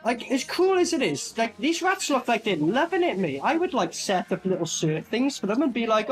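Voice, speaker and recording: A man's voice: very high voice, moderate pace, hardly any pauses, over music. Sweary man reacting to a movie. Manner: sweary, animated, laughing asides. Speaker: movie reviewer. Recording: film soundtrack playing behind.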